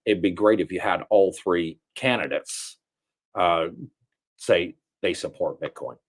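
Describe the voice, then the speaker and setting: A man's voice: low voice, unhurried. A man hosting a casual livestream from his home, greeting viewers by name and chatting about news. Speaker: livestream host. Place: home in Thailand.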